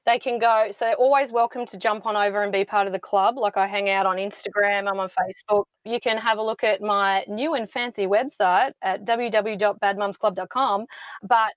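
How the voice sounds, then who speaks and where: A woman's voice: medium pitch, fairly even intonation, fairly quick, no room sound, muffled recording. A woman, speaking passionately and emphatically as an interview guest. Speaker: podcast guest, founder of a mothers' support club. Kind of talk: heartfelt interview talk.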